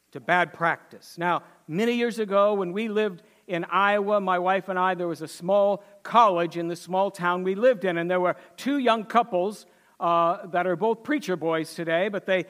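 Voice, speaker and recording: A man's voice: sits high, a bit bright. A male pastor preaching a sermon in a folksy, emphatic storytelling way.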